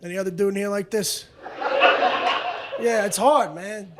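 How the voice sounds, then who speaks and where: A man's voice: high-pitched, moderate pace, heavy background noise. A man doing a stand-up comedy routine on a club stage, brash and profane, often slipping into other people's voices.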